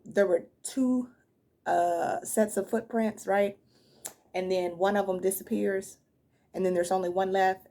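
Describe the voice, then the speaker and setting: A woman's voice: lowish voice, dark tone. A woman doing a casual tarot reading, talking to her viewers as "y'all" and often laughing with emotion. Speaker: tarot reader.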